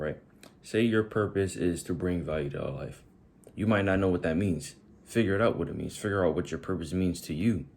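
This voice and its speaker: Deep-voiced man giving a motivational talk. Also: darkish tone. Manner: preachy, addresses viewers directly with repeated questions. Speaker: motivational video host. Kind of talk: direct-to-camera motivational talk.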